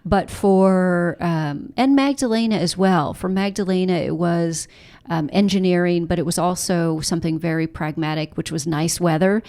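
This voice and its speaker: A middle-aged woman author answering interview questions in a thoughtful, conversational way, with frequent pauses and fillers. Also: lowish voice, warm tone. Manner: thoughtful, many fillers and restarts. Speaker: author and journalist, podcast guest.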